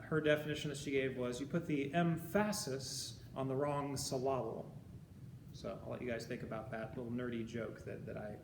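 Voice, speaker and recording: A patient male band teacher walks students through a rhythm exercise and counts the beats out loud as he goes. His voice rings around a reverberant room. A steady hum of background noise sits under him. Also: mid-range voice, gravelly. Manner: patient, explains step by step and counts beats aloud. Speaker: high school band teacher. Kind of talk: recorded music lesson.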